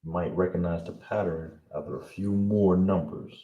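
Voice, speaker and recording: A man teaching a language class, breaking words into syllables and repeating each one slowly. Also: deep voice, steady tone, phone-quality sound. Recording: distant mic with clear background noise.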